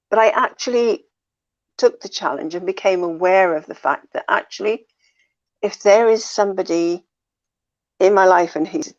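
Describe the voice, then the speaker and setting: A woman's voice: mid-range voice, darkish tone. Reflective woman coach, lo-fi recording. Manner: reflective, explanatory, speaks from personal experience. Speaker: life coach. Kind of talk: conversational talk show discussion.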